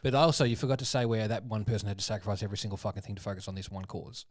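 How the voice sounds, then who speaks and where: A man's voice: lowish voice, very fast, dry recording, clean studio sound. A man, co-hosting a podcast in loose, casual chat full of swearing and acted-out bits. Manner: swearing, loose and animated, acts out prank-call voices. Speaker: podcast co-host.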